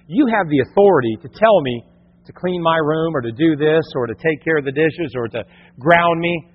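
A middle-aged male pastor preaching a lively sermon, acting out the voices he quotes. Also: a little high, breathy edge. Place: church hall. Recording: dull, long-reverb church hall.

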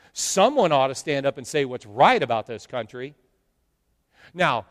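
A man preaching a sermon as pastor, with loud emphatic swells and drawn-out phrases. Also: fairly high pitch, long reverb tail. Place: church sanctuary.

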